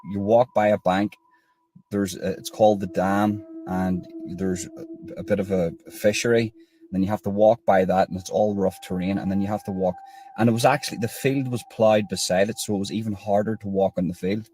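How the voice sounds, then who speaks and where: A man tells a story in a loose, rambling way, stopping and restarting and acting out both sides of a conversation. His voice sits fairly low, and a faint ambient hum runs under it. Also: darkish tone. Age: 30s. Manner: rambling, with restarts and quoted dialogue. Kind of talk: casual storytelling.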